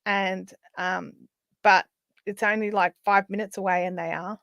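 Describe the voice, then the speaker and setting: A middle-aged Australian woman hosting a live craft stream, chatting casually and telling stories as she works, often trailing off into quiet asides. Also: medium pitch, steady tone, measured pace, vocal fry, dry recording, highs cut off. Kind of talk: casual chat while crafting.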